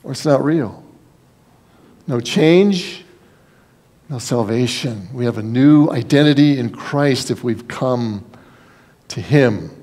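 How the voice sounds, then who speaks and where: A man's voice: mid-range voice, expressive, slow, long pauses, a little mellow. Earnest man preaching a sermon. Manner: earnest, conversational preaching with folksy asides and a told joke. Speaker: pastor.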